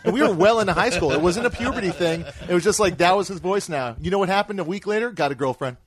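A man's voice: sits high, expressive, quick pace. A man hosting a podcast, rambling and joking in casual chat. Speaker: host.

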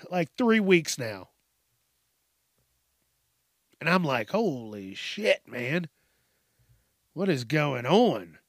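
A man hosting a casual, profane, joking news commentary from his desk at home, rambling and breaking into squeaky voices. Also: fairly bright tone, dry recording, clean studio sound.

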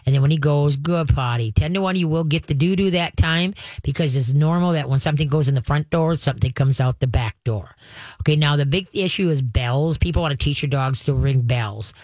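An older man giving homespun dog advice on a call-in radio show. His voice sits a bit high for a man. The sound is dry and close, with no room behind it. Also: a little fast, darkish tone, dry recording. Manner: folksy, repeats "folks" and chants commands. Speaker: radio host, dog trainer.

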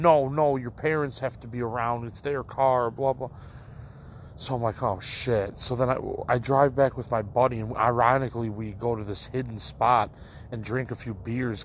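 A man's voice: medium pitch, slight background noise. A young man telling a personal story in a casual, rambling way, full of likes and restarts. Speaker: storyteller addressing listeners.

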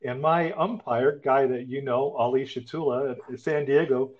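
Storytelling former referee, lo-fi sound. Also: male voice, medium pitch, steady tone, moderate pace. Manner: anecdotal, acts out quoted voices. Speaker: former football referee, guest. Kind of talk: casual storytelling conversation.

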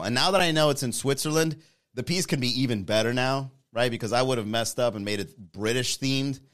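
A man's voice: mid-range voice, fairly bright tone. A man hosting a live comedy podcast, rambling and joking about his sketch ideas. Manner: rambling, jokey, self-mocking. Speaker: podcast host.

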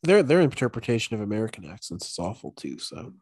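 A laid-back man co-hosts a sports chat in a husky, lowish voice. He speaks matter-of-factly. The recording is dry and close. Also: wildly swooping pitch, fast talker, a little mellow, no room sound.

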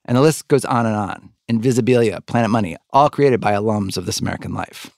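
A man's voice: fairly low pitch, fast, vocal fry, darkish tone, dry recording, studio quality. A middle-aged man hosting a podcast interview, rambling with many likes and restarts. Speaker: podcast host. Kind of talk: conversational interview.

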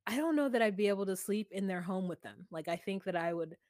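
A woman co-hosting a podcast in casual chat, telling animated stories and laughing often. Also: mid-range voice, fast, no room sound, studio quality. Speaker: podcast co-host.

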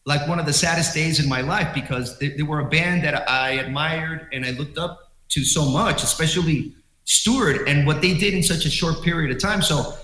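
Excitable man telling stories, roomy sound. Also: fairly high pitch, normal speed. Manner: animated, excitable with many restarts. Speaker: drummer guest. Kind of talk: casual storytelling interview. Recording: roomy echo.

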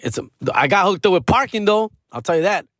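A man's voice: sits high, lively intonation, quick pace, a bit bright, dry recording, clean studio sound. A middle-aged man hosting a comedy podcast, telling a rambling, profane story full of slang and Spanish asides.

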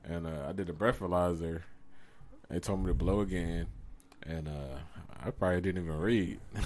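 A man's voice: low-pitched, fairly even intonation, normal speed, a little mellow, a little hiss or hum. A man chatting casually with a friend, laid-back, laughing along and telling his own short story. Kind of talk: casual chat.

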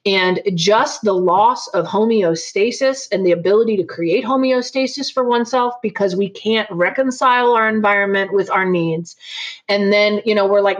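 A woman's voice: medium pitch, moderate pace. A woman dog trainer in casual conversation, talking emphatically and frankly. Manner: emphatic, frank, acts out dogs' and clients' voices. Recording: slightly dull lo-fi audio.

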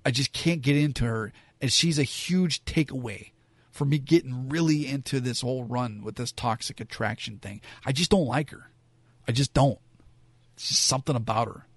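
A man's voice: medium pitch, normal speed, breathy edge, no echo. Rambling man sharing blunt opinions. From Southern California. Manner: rambling, frank, many fillers. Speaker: wrestling commentator. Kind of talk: casual opinion monologue.

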